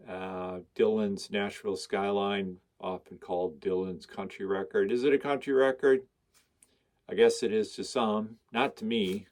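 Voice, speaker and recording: Guy rambling about his vinyl, asks himself stuff out loud, laid back. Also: lowish voice. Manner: musing, asks himself questions. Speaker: record collector vlogger. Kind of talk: casual talk to camera showing records.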